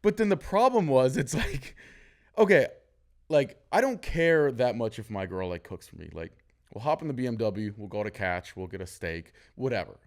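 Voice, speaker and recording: A man's voice: mid-range voice, normal speed. Candid storytelling man. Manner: candid, storytelling, animated when quoting. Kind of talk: casual conversation.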